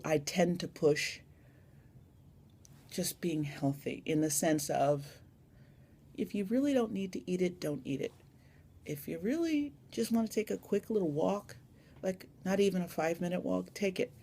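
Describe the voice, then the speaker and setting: A woman's voice: fairly low pitch, a little mellow, slightly rough. Young woman, casual vlog chat, rambling, self-asides, phone camera. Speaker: vlogger.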